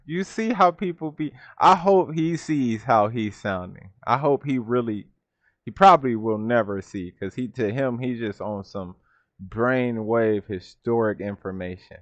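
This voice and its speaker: A man's voice: medium pitch, measured pace, dry recording. A man hosting a reaction video in casual commentary, often laughing and mocking in disbelief. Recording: dull lo-fi sound.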